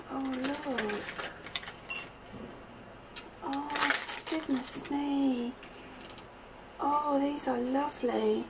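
A middle-aged woman gushing softly as she opens a parcel at home, with lots of delighted exclamations. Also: sits high, extremely slow, pauses often, very noisy. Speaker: vlogger opening happy mail. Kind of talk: unboxing chat. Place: at home in a conservatory.

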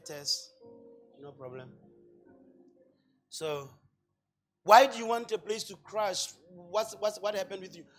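A man with a high-pitched voice preaches a sermon, telling a long story. He swings between loud shouting and quiet, hushed asides.

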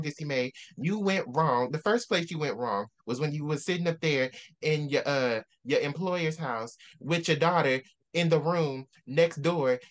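A man's voice: a little high, moderate pace, fairly bright tone. A man co-hosting a casual book discussion, ranting heatedly and repeating lines for emphasis. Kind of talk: animated casual book rant.

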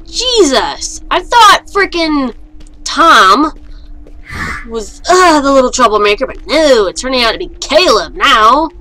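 High, lively young woman shrieking at a horror game. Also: a little slow, low-quality recording. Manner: panicked, swearing, shrieking at the game. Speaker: gaming YouTuber. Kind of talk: horror game let's play commentary.

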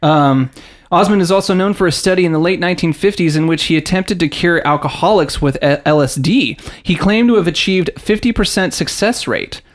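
A man's voice: fairly high pitch, a little fast. A man hosting a casual podcast chat, telling stories with lots of asides and swearing. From American South. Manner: animated storyteller, jumps into mock voices, swears. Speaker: podcast host.

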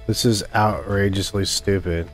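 A man's voice: lowish voice, steady tone, measured pace, faint music behind. A man doing let's play commentary on a video game, frustrated and angry, swearing constantly. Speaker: gamer playing a video game.

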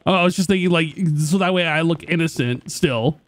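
A man's voice: brisk, no echo. A man in a casual game roleplay chat, talking in a playfully indignant way. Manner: high-pitched, animated, playfully indignant. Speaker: roleplay player running a coffee shop.

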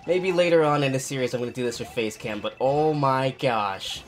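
A man hosting a gaming channel, giving excitable let's play commentary and talking to himself as he plays. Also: mid-range voice, a little fast. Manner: excitable, talks to himself while playing.

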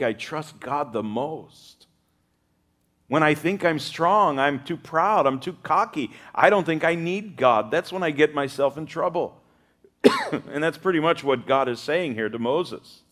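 Animated male pastor preaching. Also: fairly high pitch, a little slow. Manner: animated preaching, acting out quoted voices with humor. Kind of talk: sermon.

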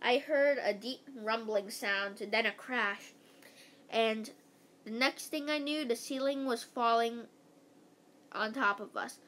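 Slow halting woman reading aloud. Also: a little high, a bit bright, a little hiss or hum. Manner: halting, stumbling read with restarts. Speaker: reader. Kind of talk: reading a children's book aloud.

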